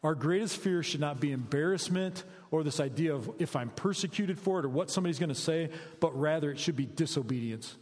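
A middle-aged man preaching a conversational sermon, energetic and quizzing his listeners with questions. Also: on the high side, a little fast, hardly any pauses. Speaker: preacher, high school basketball coach. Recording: long hall reverb.

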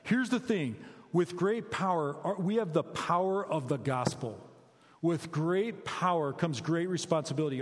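A middle-aged man delivers a sermon in a lively, conversational way, tossing questions out to his listeners. His voice sits a little high. The sound carries a long reverb from a large hall. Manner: energetic, conversational, asks the audience questions. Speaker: preacher, high school basketball coach.

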